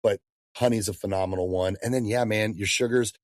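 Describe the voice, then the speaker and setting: A lively man in his thirties talks shop as a fitness coach on a podcast, easygoing and full of slang like dude and man. His voice sits a little low. The sound is dry and close. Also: a little fast, dry recording. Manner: animated, slangy, says "dude" and "man" often. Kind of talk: casual podcast interview.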